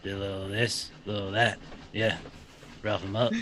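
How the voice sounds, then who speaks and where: Man playing gruff boastful brawler. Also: fairly low pitch, flat delivery, moderate pace, a bit bright, close to an everyday voice. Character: brash young male ex-wrestler brawler.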